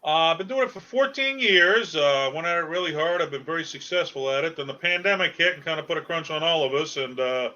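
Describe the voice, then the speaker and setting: A man with a Boston accent speaks as a comedian guest in a relaxed interview, loose and jokey, filling gaps with plenty of uhs. His voice is bright and fairly high for a man. The audio sounds dull and lo-fi, like a video call. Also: brisk, hardly any pauses. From Boston area. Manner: jokey, rambling with frequent uhs. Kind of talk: casual interview chat.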